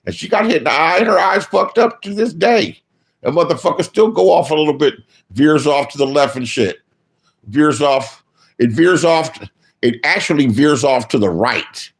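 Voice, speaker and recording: Speaking fairly quickly, this streamer delivers casual, blunt commentary laced with profanity, alternating low muttering with loud outbursts.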